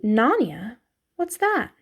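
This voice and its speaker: A woman's voice: a little high, wildly swooping pitch, slow pace, creaky, slightly rough, heavily acted. A woman voicing a curious, well-mannered young girl in a storybook reading, puzzled and earnest. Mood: puzzled, polite.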